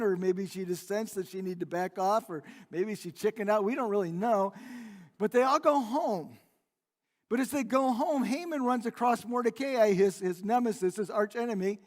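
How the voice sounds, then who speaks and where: High-pitched guy pastor telling a bible story, chatty, lots of restarts, big echoey church. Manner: conversational storyteller, frequent restarts and repeated words. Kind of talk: sermon retelling a Bible story. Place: church sanctuary. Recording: long reverb of a church hall.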